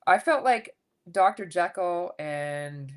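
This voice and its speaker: Low-voiced woman in her fifties, candid. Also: slow pace. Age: 50s. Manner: candid, animated storytelling with acted quotes. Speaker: guest coach. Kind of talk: casual podcast interview.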